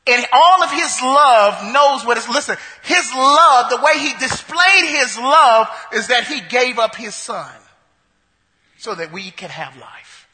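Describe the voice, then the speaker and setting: A male pastor preaching a sermon, emphatic and repetitive, building up to shouts. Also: extremely high pitch, lively intonation, measured pace, hardly any pauses, long reverb tail.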